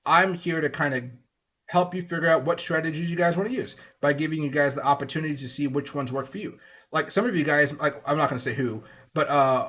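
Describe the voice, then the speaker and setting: A man's voice: fairly high pitch, fairly bright tone. A young man hosting a trading livestream, talking casually in a rambling, chatty way while sick. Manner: fast rambling chatty, with fillers. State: sick, coughing.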